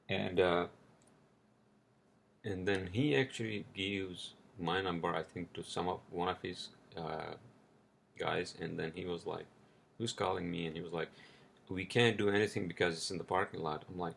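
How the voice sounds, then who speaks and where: A man's voice: low voice, fairly even intonation, moderate pace, creaky, fairly bright tone, slight background noise. A man hosting a solo podcast, talking in a rambling, profane way that turns heated. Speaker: podcast host. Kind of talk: casual solo podcast monologue.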